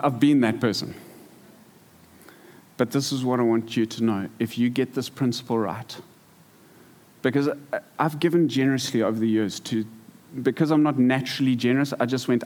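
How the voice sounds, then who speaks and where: A man preaching to a church congregation, telling stories in a lively way that stumbles and repeats words. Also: medium pitch. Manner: storytelling, animated, repeats words. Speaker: pastor. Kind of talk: sermon. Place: church hall.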